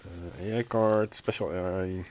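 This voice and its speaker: Guy going hoarse reading a game rulebook out loud, lots of uhs, kinda low voice, dull lo-fi audio. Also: steady tone, unhurried. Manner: hesitant, many fillers, wry and exasperated. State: losing his voice, coughing. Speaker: board game reviewer. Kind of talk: thinking aloud while reading a rulebook. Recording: dull lo-fi sound with faint noise.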